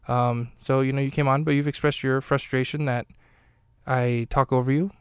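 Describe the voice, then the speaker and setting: Talking fairly quickly with little pitch movement, a man hosting a podcast loosely recounts a film scene, rambling along with plenty of fillers and self-corrections. His mid-range voice is clear and resonant, recorded dry and close on a studio mic.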